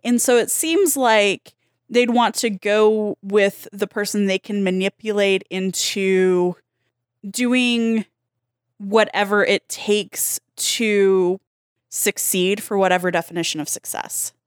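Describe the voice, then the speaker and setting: A woman co-hosting a podcast, casually analyzing a cartoon's characters and reasoning aloud in quick bursts. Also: medium pitch, steady tone, clear, resonant tone, dry recording, clean studio sound. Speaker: podcast co-host.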